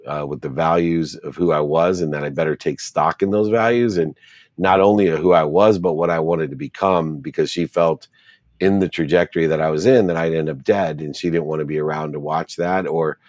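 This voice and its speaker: A man's voice: rumbling low, steady tone, normal speed, a little mellow, no room sound, clean studio sound. A middle-aged man, an interview guest, telling a personal story earnestly and repeating phrases for emphasis.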